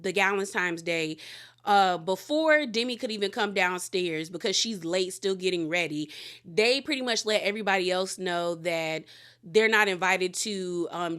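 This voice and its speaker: A woman giving a casual recap of a reality show, chatty and frank, airing blunt opinions and talking back to the cast. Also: on the low side. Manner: animated, talks back to the cast. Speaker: reality TV reviewer.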